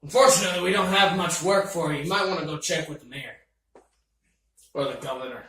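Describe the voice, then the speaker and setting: A man's voice: a little high, a little fast, fairly bright tone, natural voice. A man voicing a brusque, muscular female half-orc blacksmith who talks bluntly and dismissively, recorded in an echoey room from a distance. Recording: roomy, distant mic with faint noise.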